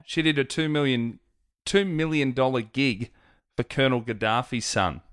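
A man's voice: medium pitch, moderate pace, a bit bright, clear, resonant tone, no echo, studio quality. A man co-hosting a comedy podcast, chiming in with quips and facts in casual banter. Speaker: podcast co-host.

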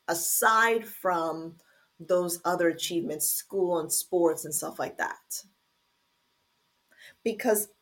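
A woman hosting a faith-based podcast, talking earnestly and deliberately to fathers, with some fillers and restarts. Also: fairly low pitch, a bit bright. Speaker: podcast host.

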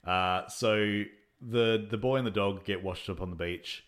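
A man with a fairly low, slightly bright, clean-toned voice co-hosts a relaxed film-review podcast. He rambles, stops and starts often, and laughs a lot.

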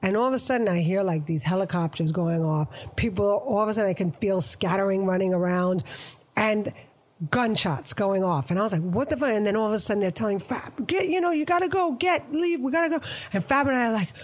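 Speaking briskly in a mid-range voice, a middle-aged woman from New York, who is a photographer, shares anecdotes during a casual interview. She's lively and voices the characters in her stories.

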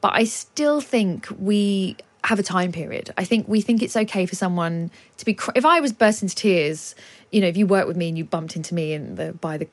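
A woman, a guest author, talking at length in a radio studio with lively explanations and laughs. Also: lowish voice, brisk.

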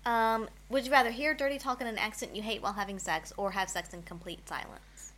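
A woman's voice: mid-range voice, fairly even intonation, a little fast, a bit bright. A woman co-hosting a casual chat, reading questions aloud, easygoing and giggly. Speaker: podcast co-host.

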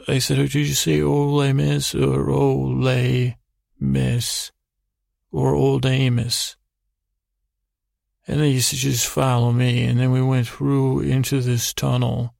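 Gravelly man rambling through a sleep story. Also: medium pitch, darkish tone, no echo, clean studio sound. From United States. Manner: meandering, halting, full of restarts. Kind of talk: rambling improvised bedtime story.

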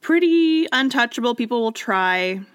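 A woman's voice: a little high, animated, normal speed, fairly bright tone, smooth, dry recording, clean studio sound. Giggly young woman co-hosting a chat. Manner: giggly, jokey, mimics historical figures in silly voices. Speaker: podcast co-host. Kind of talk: casual history chat.

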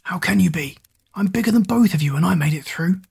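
A woman's voice: on the low side, expressive, fairly quick, creaky, darkish tone, slightly rough, full character voice. A woman voicing a sarcastic teenage girl in a storybook reading, muttering her lines in a grumbling, half-whispered way.

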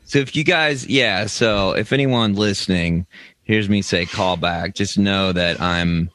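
A man's voice: deep voice, a little slow, a bit bright, a little hiss or hum. A man co-hosting a comedy podcast, riffing and laughing through joking banter. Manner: riffing, laughing often, jokey put-on voices. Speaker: podcast co-host.

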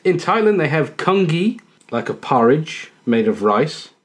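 A woman co-hosts a casual podcast chat, giggling as she reads facts aloud and laughing frequently. Her deep voice has a sing-song quality and a slightly slow pace, with a little hiss or hum in the recording.

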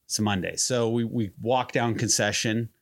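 A man's voice: fairly low pitch, moderate pace. A man, telling a rambling story as a podcast co-host. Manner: rambling, animated anecdote with many restarts. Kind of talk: casual storytelling.

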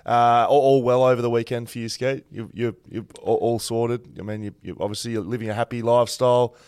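A man's voice: medium pitch, steady tone, fairly quick, darkish tone, smooth, no echo, studio quality. An Australian man hosting a podcast in casual chat, with jokey, teasing banter. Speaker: podcast host.

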